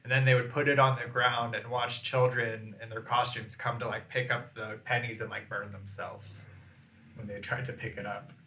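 Man, podcast co-host, deadpan storytelling, bright forceful voice, echoey room. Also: medium pitch, moderate pace. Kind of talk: casual chat.

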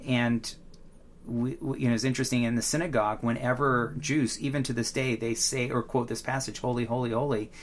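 A man's voice: mid-range voice, little pitch movement, brisk, slight background noise. A middle-aged man co-hosting a Bible study podcast, explaining earnestly in casual chat with frequent restarts. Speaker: podcast co-host, teacher.

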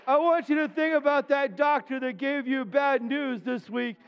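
A man preaching a sermon as pastor in a church, urging the congregation to respond and rising into loud chanted shouts. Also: very high-pitched, fairly even intonation, moderate pace, hardly any pauses, big-room sound, highs cut off, a faint crowd, slight background noise. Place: church sanctuary.

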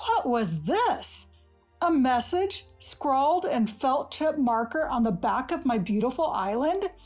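A woman reading a first-person short story aloud in a gentle, measured storytelling manner. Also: high-pitched. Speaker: story reader.

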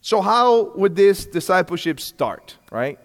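A man with a fairly high voice teaches a church class in an easy, conversational way. He keeps asking the room questions and lets small chuckles slip between points. His voice rings with a long reverb, as if recorded in a large hall. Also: sing-song, slow pace.

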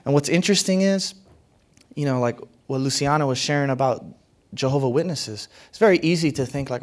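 A man preaching a sermon as pastor, emphatic and animated, with big swings in loudness. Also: medium pitch, brisk. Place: church hall.

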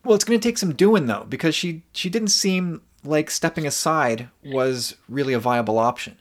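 A man's voice: fairly high pitch, normal speed. Musing man chatting on a podcast. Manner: thoughtful, musing, frequent restarts. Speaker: podcast co-host. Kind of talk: casual chat.

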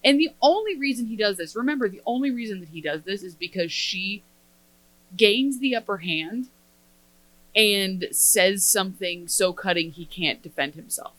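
A woman co-hosting a podcast in casual chat, sarcastic and expressive. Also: mid-range voice, moderate pace, poor audio. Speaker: podcast co-host.

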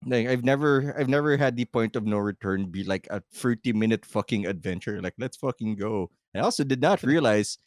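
Laughing animated man in casual chat. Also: medium pitch, a little fast, few pauses, no echo, studio quality. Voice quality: swearing, laughing, mimics lines in quoted voices. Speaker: podcast co-host.

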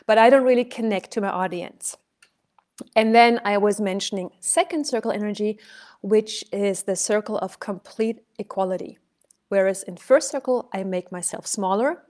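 A woman voice and speech coach talking casually, telling a story and shifting her loudness to illustrate her points. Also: mid-range voice. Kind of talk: conversational coaching talk.

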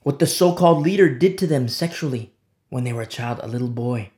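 A man preaching a sermon as pastor, swinging between low, hushed lines and sharp, high exclamations. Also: animated, a little fast.

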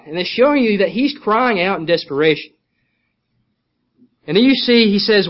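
Brief: man, fairly high voice, earnest Bible teacher working verse by verse, lo-fi recording. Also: moderate pace. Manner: earnest, repeats key points for note-taking. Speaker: preacher.

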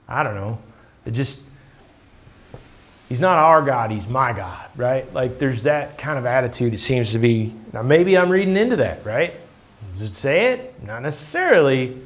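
A man preaching a conversational sermon, often checking in with "right?" in a casual, chatty way. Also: medium pitch. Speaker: pastor.

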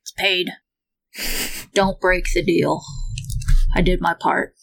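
A weary old seer woman wheezes through slow, grim words, as a woman puts her on. She is a chain smoker and her voice sits low and drags along. The tone stays ominous, for a tabletop game. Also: fairly even intonation, gravelly, a bit bright, exaggerated voice, poor audio. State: wheezy chest.

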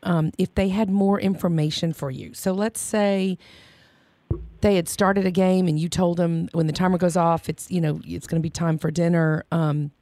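A woman's voice: lowish voice, fairly even intonation, normal speed, dark tone, no room sound. A woman chatting casually about parenting, with lots of fillers and restarts and frequent laughter.

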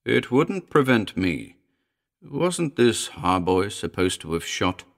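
A man voicing an eager gentleman house buyer who presses quietly and intensely for a ghost story. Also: lowish voice, big pitch swings, slow, creaky, full character voice. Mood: pressing.

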